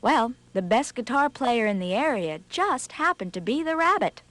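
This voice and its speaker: Expressive woman reading a storybook. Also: a little high, moderate pace. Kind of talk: scripted storybook narration.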